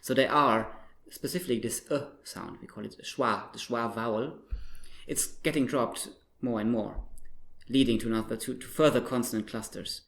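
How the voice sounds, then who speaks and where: A man's voice: mid-range voice, moderate pace, creaky, a bit bright. A man whose first language is German, a linguistics researcher, explaining pronunciation step by step and demonstrating sounds. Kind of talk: explanatory interview talk.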